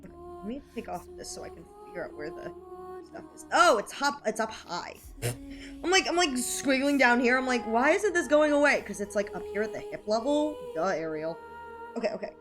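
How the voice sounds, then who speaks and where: A woman's voice: fairly high pitch, big pitch swings, brisk, music in the background. A young woman chatting casually on a live art stream, giggly and playfully anxious as she talks to her chat.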